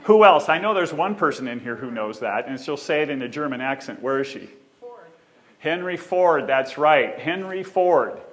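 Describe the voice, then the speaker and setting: A man's voice: on the high side, normal speed. A man giving a conference talk on a theater stage, joking with the audience and walking as he speaks. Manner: joking, animated, walks while speaking.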